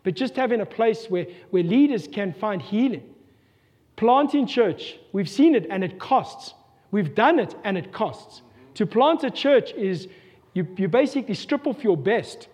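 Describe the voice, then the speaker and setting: A South African man preaching in a fairly high voice, earnest and given to rhetorical questions. His words ring with the long reverb of a church hall. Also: lively intonation, unhurried, a little mellow. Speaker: pastor. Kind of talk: sermon.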